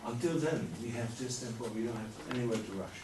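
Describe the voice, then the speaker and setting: A man's voice: mid-range voice, brisk, noisy background. Man coaching a quartet in an echoey room. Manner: coaching with short instructions and praise. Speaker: music teacher. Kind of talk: master class coaching. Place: rehearsal room with a string quartet. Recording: roomy, distant, loud instruments.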